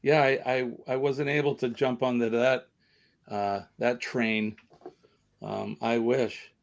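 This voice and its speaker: Chatty Boston man with a gravelly voice. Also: mid-range voice, flat delivery, takes it slowly. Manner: rambling, chatty, self-deprecating. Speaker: livestream host. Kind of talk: casual live chat.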